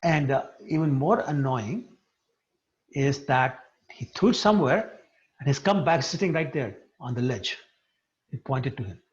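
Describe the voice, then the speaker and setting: A man's voice: medium pitch, expressive, measured pace. A man giving a storytelling religious talk, acting out the characters' dialogue. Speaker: devotional speaker. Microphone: video call. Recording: dull lo-fi call audio.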